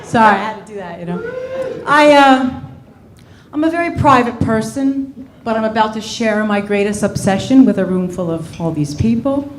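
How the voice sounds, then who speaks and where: A young woman doing a stand-up comedy set on a club stage, telling stories in a brash, swearing, animated way. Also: on the high side, normal speed, reverberant, slight background noise.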